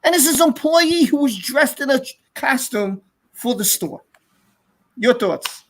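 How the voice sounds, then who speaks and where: A man hosting a casual live stream, telling stories in an excited, rambling way and reading out viewer comments. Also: very high voice, unhurried.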